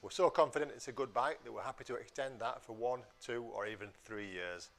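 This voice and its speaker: A man's voice: medium pitch, fairly quick. A man from a motorbike dealership giving a friendly, direct sales outro about warranty and finance.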